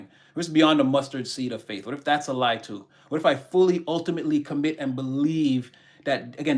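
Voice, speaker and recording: A man reading tarot on a live stream, chatting casually, preaching motivation and greeting his viewers by name. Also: medium pitch.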